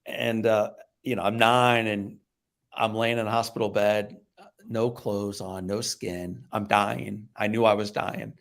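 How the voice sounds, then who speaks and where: A guest speaker from the American Midwest, this man tells a story about himself with animation, veering between loud outbursts and quiet tones. His voice is fairly low and gravelly, and his pace is measured.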